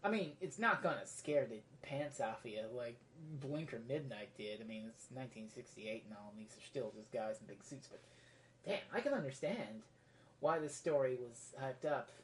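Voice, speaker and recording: A woman with an unusually deep voice talks through a casual solo review. She rambles, wanders onto tangents, and keeps an offhand, chatty tone. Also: expressive, normal speed, slight background noise. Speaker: video reviewer.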